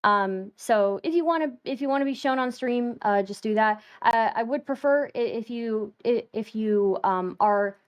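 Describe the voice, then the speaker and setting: A woman with a slightly high voice runs the setup of a live stream over a video call. She hesitates, restarts sentences and fills gaps with ums. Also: moderate pace, hardly any pauses, clean tone. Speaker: stream organizer. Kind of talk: casual announcements on a live stream.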